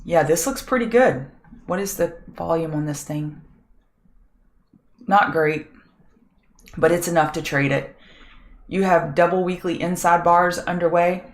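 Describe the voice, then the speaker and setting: Low-voiced woman hosting a trading stream. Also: measured pace, pauses often. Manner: chatty, reads viewer names, thinks aloud over charts. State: scratchy voice. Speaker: trading show host. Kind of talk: live market prep chat with viewers.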